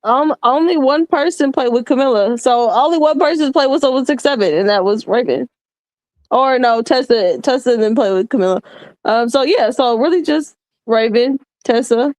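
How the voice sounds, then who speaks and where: Higher-voiced woman thinking aloud about hoops. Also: moderate pace, a little mellow, no room sound. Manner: thinks aloud, restarts, coaching tone. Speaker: sports podcast co-host. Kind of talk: casual basketball chat.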